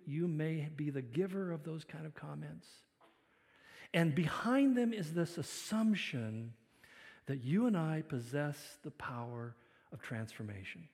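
A male pastor delivering a sermon, swinging between loud emphasis and quiet, reflective passages. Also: a little high, creaky. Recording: long reverb of a large hall.

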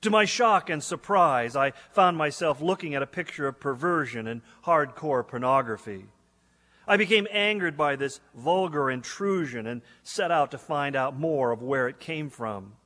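A man's voice: fairly high pitch, expressive, normal speed, bright, forceful tone. A man, a pastor, reading a letter aloud in a sermon in an earnest, dramatic way. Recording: echoey hall.

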